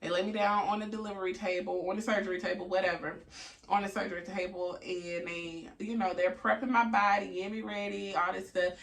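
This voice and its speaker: A woman vlogger telling a story in a casual, theatrical, animated way, swearing freely. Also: medium pitch, a little fast, creaky. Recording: echoey room, distant mic.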